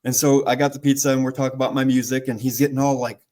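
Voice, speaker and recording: A man's voice: medium pitch, level tone, racing, darkish tone. A man hosting a casual chat, telling anecdotes and laughing often between them. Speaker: podcast host.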